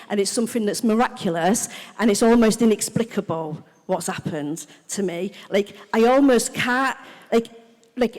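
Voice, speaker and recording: A woman from Hull, England, giving her personal testimony as main speaker at a recovery convention, excited and animated. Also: medium pitch. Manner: excited, animated, breathless storytelling. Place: large convention hall. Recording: long reverb of a large hall.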